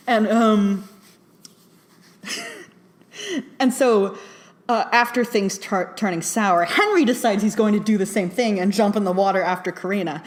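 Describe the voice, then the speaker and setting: A woman's voice: mid-range voice, expressive, a little slow, pauses often. A woman giving a casual spoken film review, full of "like" and "um", laughing often and swearing casually as she retells scenes. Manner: chatty, laughing often, heavy use of "like" and "um" fillers.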